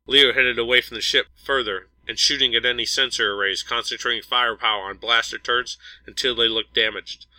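A man narrating an audiobook in a steady, even storytelling manner. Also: medium pitch, no room sound, poor audio.

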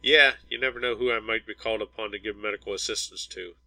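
A man's voice: fairly low pitch, fairly even intonation, quick pace, sharp tone, dry recording, rough recording. A man voicing an earnest male medic and gunner, matter-of-fact.

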